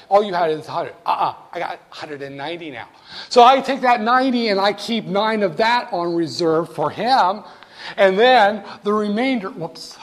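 High-voiced, jokey male instructor. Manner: jokey, animated, talks straight to students. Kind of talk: classroom lecture.

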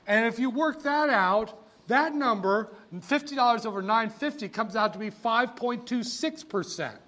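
High-voiced man joking through a lecture. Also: normal speed. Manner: joking, teasing students, animated. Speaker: finance lecturer. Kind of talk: classroom lecture. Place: classroom.

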